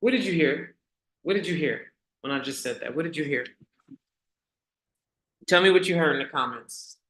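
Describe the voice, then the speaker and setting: A woman hosting a casual motivational talk for her online community, asking rhetorical questions and repeating key lines slowly for emphasis. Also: sits low, a bit bright, echoey room. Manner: conversational, asks the audience rhetorical questions. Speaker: host.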